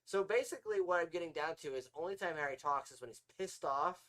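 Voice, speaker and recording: A man co-hosting a podcast in casual, animated chat with quick asides and frequent laughter. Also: on the high side. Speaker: podcast co-host.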